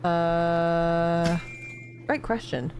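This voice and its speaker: A woman's voice: fairly low pitch, fairly even intonation, extremely slow, darkish tone, a little hiss or hum. A woman co-hosting a casual gaming chat, rambling and restarting her phrases as she plays a game. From outside the United States. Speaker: co-host of a gaming chat show.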